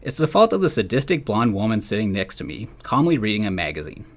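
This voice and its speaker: A man with a fairly low voice reads a humorous newspaper column aloud. His delivery is wry and deadpan, letting mock panic play straight. He sounds like a sports writer sharing a favorite columnist. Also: quick pace.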